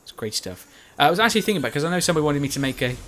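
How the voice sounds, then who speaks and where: A man's voice: a little high, very animated, very fast, fairly bright tone, a little hiss or hum. A man giving chatty, rambling commentary over his own recorded gameplay, joking at his own expense. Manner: chatty, rambling, self-mocking. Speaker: Let's Play commentator.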